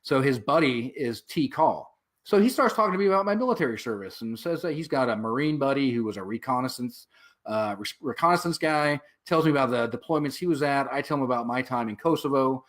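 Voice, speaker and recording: A man's voice: medium pitch, expressive, brisk, fairly bright tone. A man, a veteran and activist, telling his story as a guest in a casual interview, rambling with many fillers and swear words.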